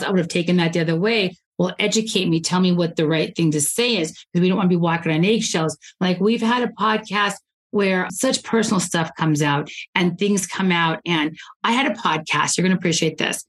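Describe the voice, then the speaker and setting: Blunt, animated woman podcast host. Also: fairly low pitch, brisk, poor audio. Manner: blunt, animated storytelling, acts out quotes. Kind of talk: casual interview chat.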